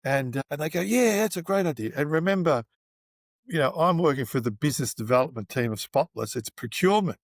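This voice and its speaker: A man's voice: medium pitch, quick pace, no echo, studio quality. A middle-aged Australian man telling a long story as an interview guest, rambling with plenty of fillers and restarts.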